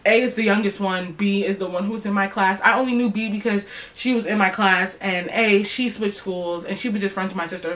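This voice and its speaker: Profane animated young woman storyteller. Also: medium pitch, rough recording. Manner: profane, animated, talks straight to viewers. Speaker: storytime vlogger. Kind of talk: casual storytime monologue.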